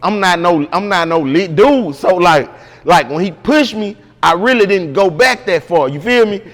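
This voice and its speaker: A man's voice: high-pitched, animated, normal speed, a bit bright, big-room sound. A man guest in an interview, telling a story casually and with animation, full of slang and repeated "bro".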